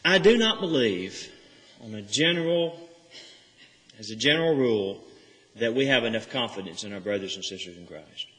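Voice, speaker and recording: A man's voice: lowish voice, lively intonation, normal speed, a bit bright. A man preaching an earnest sermon, explaining a scripture passage verse by verse and pressing home key phrases. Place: church sanctuary. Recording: church sanctuary with long reverb.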